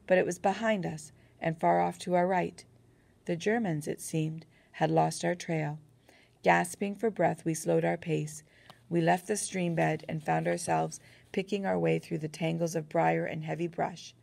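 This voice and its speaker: A woman reading a first-person war novel aloud as an audiobook narrator, in a steady, earnest storytelling manner. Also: fairly low pitch, normal speed, vocal fry.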